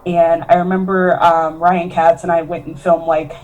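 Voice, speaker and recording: A woman's voice: fairly low pitch, little pitch movement, normal speed, a little mellow, highs cut off. A woman, a professional wrestler, telling her story in a candid interview, earnest and emotional, often quoting herself and others. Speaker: professional wrestler, podcast guest.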